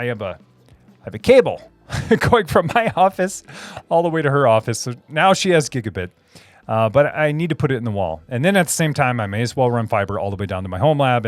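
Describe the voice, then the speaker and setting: A man's voice: mid-range voice, no echo. A man hosting a live stream, answering chat in a rambling, laughing way with many restarts and fillers. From Minnesota.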